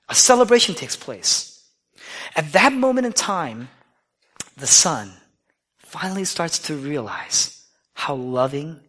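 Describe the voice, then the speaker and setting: A pastor preaching with a lively, swooping voice that sits a bit high for a man. He tells the story dramatically and acts out the characters' lines, dropping to a hush for the tender parts. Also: breathy edge. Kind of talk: sermon.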